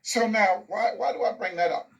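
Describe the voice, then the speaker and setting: A man's voice: sits high, moderate pace, vocal fry, fairly bright tone, distant mic, rough recording. A man in his sixties, an author telling stories in an interview, emphatic and fond of rhythmic lists. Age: 60s. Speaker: author and guest. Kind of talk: interview storytelling.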